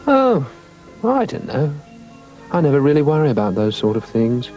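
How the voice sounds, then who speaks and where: A man voicing a cheerful, polite young girl with a bright, wide-eyed manner. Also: on the high side, huge pitch swings, moderate pace, highs cut off, faint music behind. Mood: breezy.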